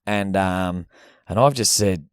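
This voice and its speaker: A young Australian man in casual podcast chat, telling a rambling story with lots of swearing and acted-out bits. His voice sits a little low and is recorded close and dry, with no room sound. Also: slow pace, clear, resonant tone, no room sound. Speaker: podcast co-host.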